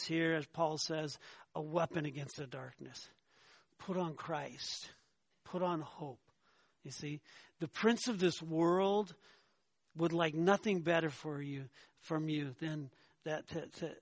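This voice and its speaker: Guy preaching a sermon, kinda high voice, emphatic, keeps saying right?, dry close sound. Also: breathy edge, no room sound. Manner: emphatic preaching, asks "right?" often, rises in pitch when arguing. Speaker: pastor.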